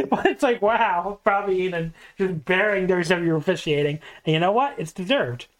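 A podcast host casually recapping a match, telling it in an animated way and laughing often. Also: medium pitch, moderate pace. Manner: animated retelling with frequent laughter.

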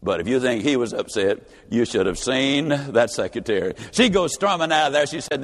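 A man's voice: mid-range voice, moderate pace, hardly any pauses, long reverb tail. A man giving a motivational speech, telling a story and acting out every character. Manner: animated, acts out every character. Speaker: motivational speaker.

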